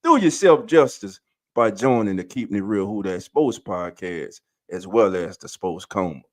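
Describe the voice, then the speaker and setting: A man hosting a live sports podcast stream, casually greeting viewers by name in a loose, energetic way. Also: on the low side, normal speed. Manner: loose, energetic, calls listeners family and baby. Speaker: podcast host.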